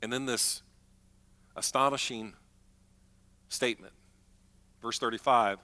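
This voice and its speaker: A man preaching a sermon as pastor, emphatic, swinging between loud declarations and hushed, slow moments. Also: on the high side, animated.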